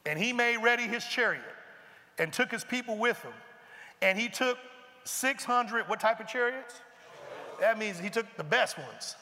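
A high, bright-voiced man preaches to a congregation, moving between reading scripture and lively, casual asides. His voice rings out with a long reverb, as in a large hall or sanctuary. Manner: animated, conversational, breaks into asides and mimics characters. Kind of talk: sermon, reading and explaining scripture.

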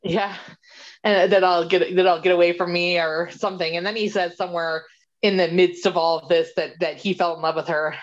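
A woman with a fairly low voice co-hosts a podcast, recapping a movie in loose, animated chat. She laughs often and acts out bits of dialogue. The recording sounds somewhat dull and lo-fi. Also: a little fast. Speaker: podcast co-host.

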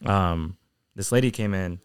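Young male co-host, low-pitched, clear voice; animated, profane storyteller. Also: unhurried, dry recording, studio quality. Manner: animated, heavy swearing, storytelling. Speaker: podcast co-host. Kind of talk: casual chat.

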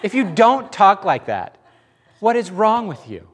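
A man preaching a conversational sermon, animated and joking as he goes. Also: high voice, a little slow. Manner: animated, laughs and jokes mid-sentence.

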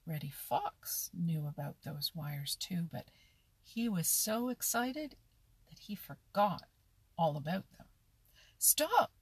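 A woman reading a children's animal story aloud, slowly and expressively. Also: sits low, slightly rough, dry recording. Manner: expressive, slow, lively storytelling. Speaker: narrator.

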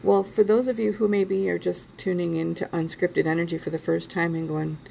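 Chatty low-voiced woman podcast host. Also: level tone, brisk, vocal fry, warm tone, a little hiss or hum. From Ohio. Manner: chatty, rambling, laughs often. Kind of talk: casual podcast chat.

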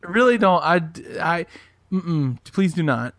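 A man's voice: fairly high pitch, expressive, measured pace, a bit bright. A man co-hosting a casual podcast chat, teasing the others and arguing playfully. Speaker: podcast co-host.

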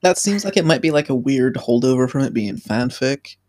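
A woman co-hosting a comedy podcast, adding deadpan, sardonic quips. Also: very deep voice, moderate pace. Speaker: podcast co-host. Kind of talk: casual chat.

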